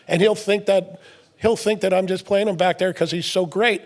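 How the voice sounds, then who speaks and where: A middle-aged man co-hosting a casual podcast chat, telling lively stories, laughing often and acting out what others said. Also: sits high, moderate pace. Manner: animated storyteller, laughs often, acts out quotes. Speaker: podcast co-host.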